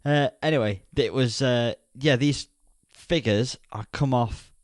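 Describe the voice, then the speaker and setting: A man's voice: medium pitch, measured pace, no echo, studio quality. A man in his thirties co-hosting a podcast, chatty and rambling, laughing often. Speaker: podcast co-host. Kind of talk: casual podcast chat.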